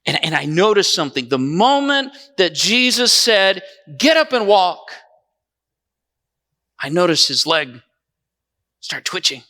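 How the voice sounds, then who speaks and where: A male pastor delivering a dramatized first-person sermon, telling the story dramatically and swinging between lively and hushed passages. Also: a little high, measured pace. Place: church sanctuary. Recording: echoey church hall.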